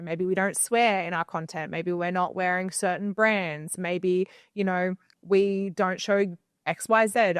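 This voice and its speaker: A woman's voice: fairly low pitch, smooth, no echo, clean studio sound. Chatty woman giving marketing advice. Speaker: podcast co-host. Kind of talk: casual podcast chat. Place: home studio.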